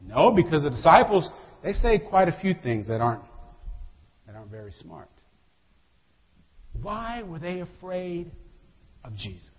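Animated pastor preaching in an echoing hall. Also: male voice, on the high side, measured pace, long pauses, slightly rough. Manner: animated, talks to the congregation, acts out quotes. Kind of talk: sermon. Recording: dull audio with long hall reverb.

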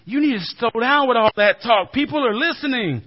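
A man's voice: extremely high pitch, lively intonation, brisk, pitched above the performer's own voice. A man preaching voices a flustered male disciple scolding his teacher, agitated and pleading. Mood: alarmed. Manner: agitated, pleading, rising to shouts. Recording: dull lo-fi recording.

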